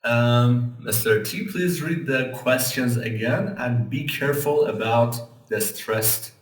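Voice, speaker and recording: A man's voice: mid-range voice, slow pace. A man teaching an English lesson, patiently explaining grammar and pronunciation step by step. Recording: echoey room, mic at a distance.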